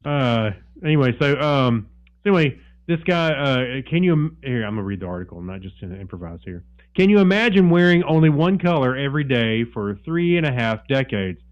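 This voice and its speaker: A male podcast co-host reads a news story aloud in casual chat, stumbling over restarts and fillers. His voice sits at a middle pitch, and the audio is dull and lo-fi. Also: animated. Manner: halting, many fillers and restarts.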